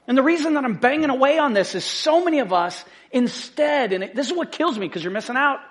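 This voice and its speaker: A middle-aged man preaching a sermon as lead pastor, fervent and emphatic, repeating key phrases and swinging from loud excited bursts to quiet asides. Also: a little fast, hardly any pauses. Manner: fervent, emphatic repetition, rising to excited outbursts then dropping low.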